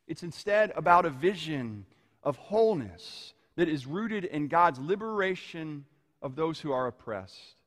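Male preacher, slightly high voice, measured storytelling sermon, long hall reverb. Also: fairly bright tone. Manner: measured, storytelling, slowing on key phrases.

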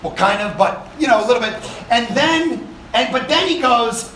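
A man with a high, bright voice preaches to a camp crowd in a casual, energetic way, asking the listeners questions as he goes. He stands away from the microphone, and the hall around him rings with echo. A faint murmur of the room sits underneath. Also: moderate pace, recorded from a distance, slight background noise. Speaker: pastor. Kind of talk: sermon. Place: summer camp meeting hall. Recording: echoey room, speaker off-mic.

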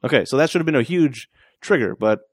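A man's voice: medium pitch, lively intonation, husky, dry recording. A man co-hosting a podcast, chatting loosely about a movie with lots of fillers and asides. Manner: rambling, full of fillers and quick asides. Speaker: podcast co-host. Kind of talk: casual movie recap chat.

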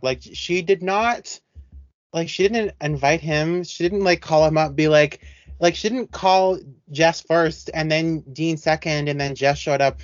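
A man co-hosting a podcast in casual chat, talking in an animated, rambling way with many restarts. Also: a little high, measured pace, dry recording, lo-fi sound. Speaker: podcast co-host.

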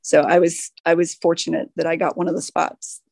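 A woman's voice: lowish voice, brisk, vocal fry, husky, no room sound, clean studio sound. A woman in her forties, an orthopedic surgeon, telling stories as a podcast guest with frequent laughter. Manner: lively storyteller, laughs often. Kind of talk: podcast interview.

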